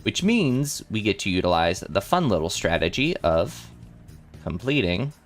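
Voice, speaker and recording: A young man on a casual study livestream, working through math problems out loud, rambling and correcting himself as he talks to chat. His voice is still a little rough from the morning. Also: lowish voice, very animated, measured pace, faint music behind. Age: young adult. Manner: rambling, self-correcting, chatty with chat readers. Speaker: vtuber math streamer.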